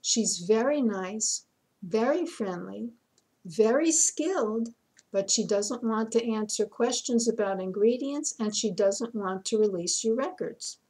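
A woman's voice: fairly high pitch, unhurried, a little mellow, breathy edge, poor audio. A woman vlogging a personal story in a casual, aggrieved way, often repeating words.

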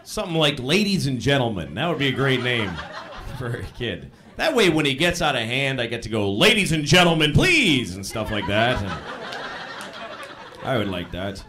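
A man in his thirties performing live stand-up comedy on a club stage, deadpan and self-mocking, with a lot of swearing. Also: mid-range voice, moderate pace, noisy background. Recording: live club recording with crowd laughter.

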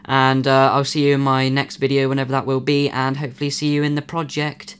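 A man's voice: mid-range voice, completely flat delivery, brisk, a bit bright, clear, resonant tone. A man hosting his own channel, talking casually and rambling with many fillers while he loses his voice. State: losing his voice. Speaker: YouTube channel host. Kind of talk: casual vlog announcement.

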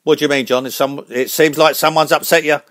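A man's voice: on the high side, fairly even intonation, quick pace, fairly bright tone, dry recording, clean studio sound. Upbeat showman radio host, man. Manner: upbeat showman, announces guests grandly. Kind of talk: comedy radio chat.

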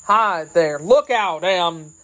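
A wary, blunt old male farmer from a storybook reading, as a woman reader puts him on. His voice is pitched lower than the narration and he speaks plainly and rustically. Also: takes it slowly, fairly bright tone. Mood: alarmed.

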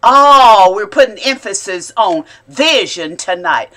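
A woman preaching a sermon, reading scripture slowly with drawn-out emphasis and exclaiming asides between the verses. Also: a little high, pushed and bright.

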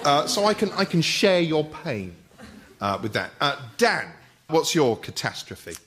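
Male panel-show host, wry and quick, higher-side voice that swings freely. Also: big pitch swings, fairly bright tone. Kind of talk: hosting a comedy panel show. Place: TV studio.

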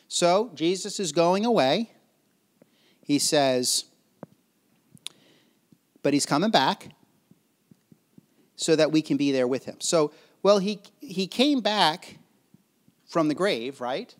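A man preaching with a fairly high voice, talking conversationally and often turning to his listeners with questions. He chuckles now and then while he unpacks the passage, and the tone stays easy and informal. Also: animated, slow pace, long pauses. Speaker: pastor. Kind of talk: sermon.

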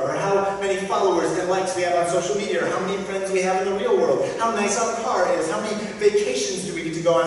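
Preaching man in an echoey church. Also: high-pitched. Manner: emphatic preaching with repeated phrases and dramatic pauses. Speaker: pastor. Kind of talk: sermon. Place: church sanctuary. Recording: echoey church hall from far off.

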